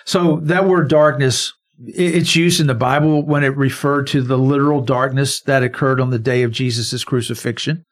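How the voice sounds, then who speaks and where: A man's voice: mid-range voice, fairly even intonation, normal speed. A man co-hosting a conversational Bible study, explaining verses and stressing single words. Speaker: Bible teacher and co-host.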